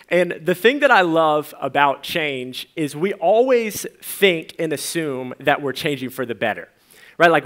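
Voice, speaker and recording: A man's voice: on the high side, a bit bright. A young man, a pastor, preaching a casual sermon in a church and telling stories with playful imitations of other people. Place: church sanctuary.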